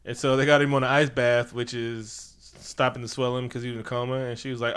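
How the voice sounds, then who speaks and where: A man's voice: mid-range voice, fast talker, clear, resonant tone. A man co-hosting a podcast, recapping a film in casual chat and acting out the characters with laughter. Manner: animated, acts out characters with laughs. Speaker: podcast co-host. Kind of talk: casual movie review chat.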